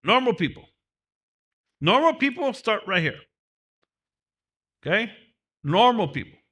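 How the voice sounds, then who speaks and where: A man with a high, fairly bright voice, big pitch swings and a breathy edge speaks a little slowly in a motivational seminar lecture. The mentoring class teacher repeats and stresses key phrases, drawing on his personal experience of prison.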